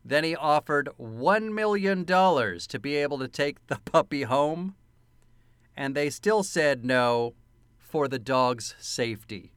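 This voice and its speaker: A man's voice: on the high side, takes it slowly, clear, resonant tone, dry recording, clean studio sound. A man co-hosting a casual film podcast, telling anecdotes with frequent swearing and laughter. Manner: animated, profane, laughs often while telling anecdotes. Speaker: podcast co-host. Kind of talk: casual film-review chat.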